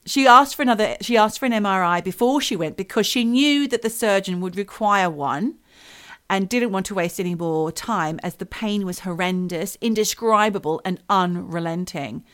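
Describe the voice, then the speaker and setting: A middle-aged woman co-hosting a casual chat, reading out a listener's story with lively swearing. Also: medium pitch, normal speed, clear, resonant tone. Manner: expressive storyteller, swears freely. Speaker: podcast co-host.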